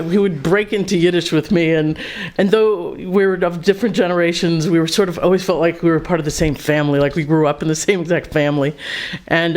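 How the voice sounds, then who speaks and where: A middle-aged woman speaking casually at a memorial, halting with fillers and frequent laughter. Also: deep voice.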